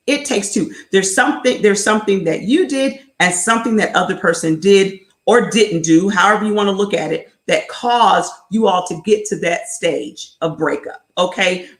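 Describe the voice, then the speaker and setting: Female host and life coach, mid-pitched, preachy and insistent, recorded with roomy echo. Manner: emphatic and repetitive, drives points home with "okay?"; preachy, faith-based encouragement. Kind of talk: live motivational talk to viewers.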